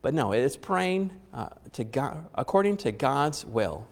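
Lively-voiced preacher in a reverberant hall. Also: male voice, mid-range voice, measured pace, creaky. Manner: conversational, repeats phrases, brief chuckles. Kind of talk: sermon.

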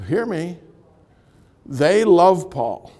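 A man preaching a sermon in church, swinging from loud punchlines to quiet, confiding asides as he tells stories. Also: high-pitched, very animated, extremely slow. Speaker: pastor. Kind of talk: sermon with storytelling.

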